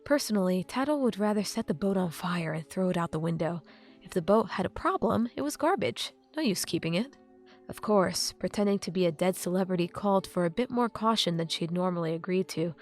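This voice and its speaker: A woman's voice: on the low side, expressive, brisk, faint music behind. A woman narrating a fantasy novel as an audiobook reader.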